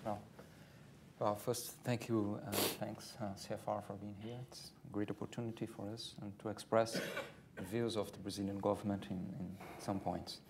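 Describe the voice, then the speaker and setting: Man panelist, low and gravelly, halting delivery. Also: little pitch movement, noisy background. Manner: hesitant, halting. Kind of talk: panel discussion.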